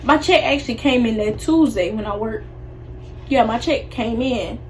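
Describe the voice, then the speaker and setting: Chatty young woman, slightly high voice. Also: moderate pace, a little hiss or hum. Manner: chatty, acts out quoted people. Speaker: vlogger. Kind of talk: casual storytime.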